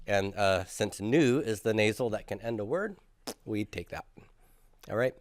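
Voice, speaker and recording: A man's voice: on the low side, animated, unhurried, no echo. A man teaching a classroom grammar lecture, patiently drilling students through forms and asking them to repeat after him. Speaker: Greek teacher.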